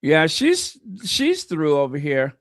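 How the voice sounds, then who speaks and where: A man co-hosting a casual gossip chat, animated and mocking, breaking into impressions. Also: a little high, slow pace, no room sound, clean studio sound. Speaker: co-host.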